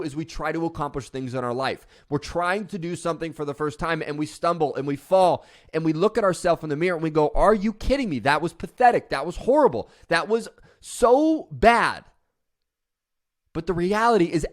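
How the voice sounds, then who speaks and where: A man giving a passionate, emphatic motivational talk. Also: a little high. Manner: passionate, emphatic, mocking voice at the start. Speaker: motivational speaker.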